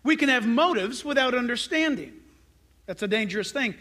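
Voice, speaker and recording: Pastor guy preaching, really high voice, bright and punchy, keeps asking the church questions. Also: expressive, normal speed. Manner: emphatic, asks the congregation rhetorical questions. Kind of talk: sermon.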